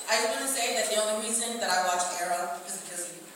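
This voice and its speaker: A woman's voice: mid-range voice, very fast, heavy background noise. A woman fan eagerly asking a question from the audience at a convention panel. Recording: echoey hall from far off.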